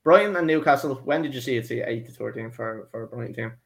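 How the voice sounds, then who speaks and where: A man's voice: mid-range voice, fast talker, gravelly. A man hosting a casual football podcast, jokey and laddish, calling his co-hosts lads. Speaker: podcast host.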